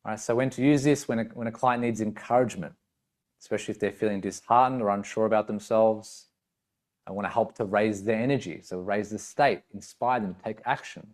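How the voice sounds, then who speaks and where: A man with a lowish voice trains coaches, speaking a little fast and explaining step by step. He checks in with "right?" and "okay" and occasionally acts out short voice samples as demonstrations.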